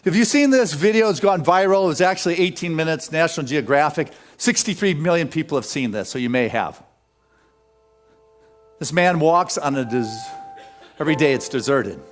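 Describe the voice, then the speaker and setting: A man preaching a sermon, telling a story with lively energy and laughter. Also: on the high side, normal speed, soft background music. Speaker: pastor.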